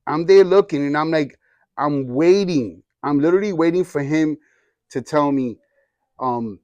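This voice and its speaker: A man in his forties tells his life story in a casual, animated way. He slips into streetwise slang and acts out each voice in the story. The sound is close and dry, with no room behind it. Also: fairly high pitch, a little slow, no room sound. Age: 40s. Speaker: guest sharing his testimony.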